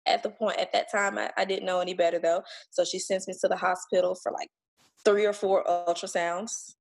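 Husky-voiced woman telling a blunt story. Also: lowish voice, flat delivery, brisk. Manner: blunt and emphatic, swears, acts out what others said. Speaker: podcast guest sharing her birth story. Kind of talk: casual storytelling.

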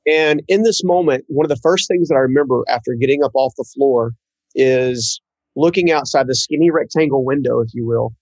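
A man who is a guest in an interview, telling a personal story in an earnest, halting way and often repeating words. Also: medium pitch, a little mellow, husky, dry recording, highs cut off.

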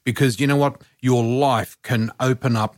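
Older male podcast guest, 60s, sincere and encouraging, mid pitch, dry close recording. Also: fairly even intonation, moderate pace, no room sound. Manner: earnest, encouraging, addresses listeners directly. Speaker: guest, psychic medium. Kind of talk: casual podcast chat.

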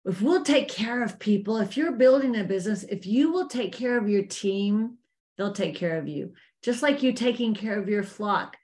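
A middle-aged woman giving a faith-based leadership talk to women, earnest and animated, speaking to her listeners directly as ladies. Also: mid-range voice, normal speed. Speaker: business coach teaching women.

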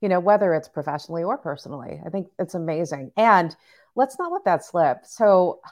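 Podcast host, woman, slightly low voice, eager and encouraging. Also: very animated, a little fast. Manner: warm, enthusiastic, affirming. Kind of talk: podcast interview.

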